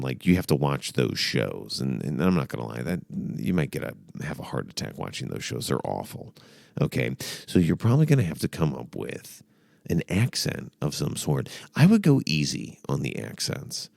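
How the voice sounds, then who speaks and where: A man hosting a comedy show, giving sarcastic, profane advice in a rambling, animated way. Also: rumbling low, normal speed, vocal fry, dry recording, clean studio sound. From United States. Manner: sarcastic, profane, animated, puts on mock accents. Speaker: comedy podcast host.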